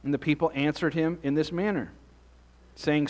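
A man's voice: a little high, fairly even intonation, normal speed, a little mellow. A man preaching a conversational Bible-teaching sermon, reading scripture and asking the congregation questions.

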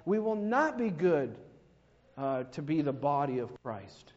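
A man preaches a storytelling sermon in a church, building to emphatic peaks. His voice sits a little high and trails off in a long reverb. The recording is dull and lo-fi. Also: big pitch swings, unhurried, a little mellow, soft background music.

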